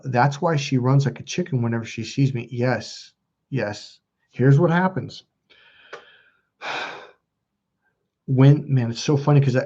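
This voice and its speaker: A man talks casually on a livestream with blunt emphasis, swearing freely and restarting sentences as he goes. His voice is mellow and dark, and the sound is dull and lo-fi. He speaks at a middle pitch. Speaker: self-help channel host.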